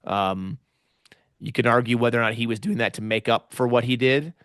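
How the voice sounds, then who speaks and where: A man co-hosting a podcast talks in a relaxed, thoughtful way, often stumbling over the first word as he gets going. His voice sits in a middle pitch. The recording is dry and close to the mic. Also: brisk, smooth, dry recording. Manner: reflective, repeats words when starting sentences. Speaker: podcast co-host. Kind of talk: casual chat.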